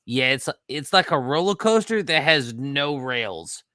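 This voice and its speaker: A man's voice: medium pitch, very animated, unhurried, bright, forceful tone, no echo, clean studio sound. A man co-hosting a podcast, telling stories in a laid-back casual chat. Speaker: podcast co-host.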